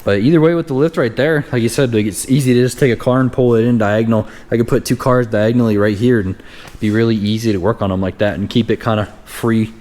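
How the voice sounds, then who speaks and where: A man's voice: mid-range voice, fairly even intonation, fast, a little mellow. Laid-back young man vlogging casually. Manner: laid-back, joking, slangy. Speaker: car vlogger. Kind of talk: casual chat.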